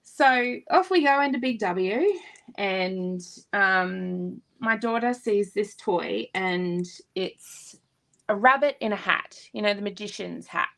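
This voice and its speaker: A woman's voice: medium pitch, slow, vocal fry. A woman in her thirties with an Australian accent, co-hosting a casual chat and telling stories with frequent laughter. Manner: laughs often, animated storytelling. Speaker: co-host.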